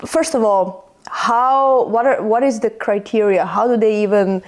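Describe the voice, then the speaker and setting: A woman hosting a podcast interview, asking halting questions full of "uh". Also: mid-range voice, steady tone. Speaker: podcast host.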